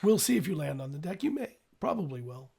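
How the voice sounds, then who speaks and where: A man narrating as game master, describing scenes in a loose, halting way with restarts. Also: fairly high pitch, sing-song, creaky, mellow.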